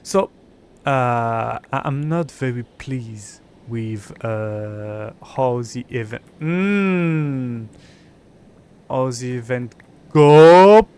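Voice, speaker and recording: A young English-speaking man streams live gameplay, frustrated, swearing, and muttering to himself as he chats. His medium-pitched voice is expressive and very slow, a little mellow, with a clear, resonant tone.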